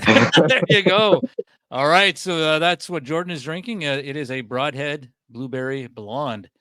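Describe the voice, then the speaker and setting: A man with a Canadian accent hosting a comedy podcast, excitable and laughing often. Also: fairly high pitch, moderate pace, clean tone, no echo, clean studio sound. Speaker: podcast host. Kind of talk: casual comedy podcast chat.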